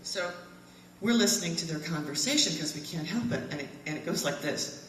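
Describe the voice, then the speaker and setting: A woman in her fifties tells a funny story live to an audience, animated and quick to laugh. Her voice is low but swings widely in pitch. She is picked up from far off in an echoey hall. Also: a little hiss or hum. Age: 50s. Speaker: alumni storyteller. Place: fellowship hall.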